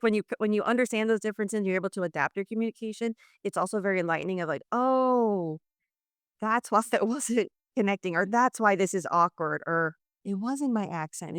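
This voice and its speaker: A woman's voice: medium pitch, smooth, no room sound, studio quality. A woman from New Orleans, a communication coach, explaining ideas in an interview over a video call and acting out quoted exchanges. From New Orleans, Louisiana, US South. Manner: explanatory, acts out quoted exchanges in lively voices. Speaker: leadership communication coach, guest. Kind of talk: conversational interview.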